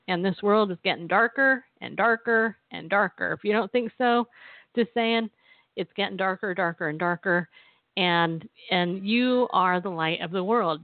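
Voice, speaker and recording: Medium pitch, no room sound, and a tinny phone-line tone mark this woman's voice. A chatty radio co-host, she tells a personal story, cheers listeners on, laughs a lot, and dramatizes quotes, giving testimony and exhortation.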